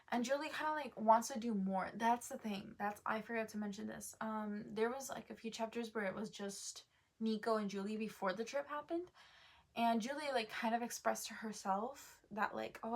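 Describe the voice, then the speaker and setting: Woman book reviewer, rambling casual chat with lots of "like" and "um", pitched a bit high. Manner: rambling, full of "like" and "um", corrects herself.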